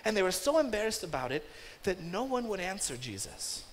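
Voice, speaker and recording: A man's voice: high voice, sing-song, fairly quick. A man preaching a sermon as pastor, emphatic and rising sharply when he voices commands. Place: church. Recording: long reverb of a church hall.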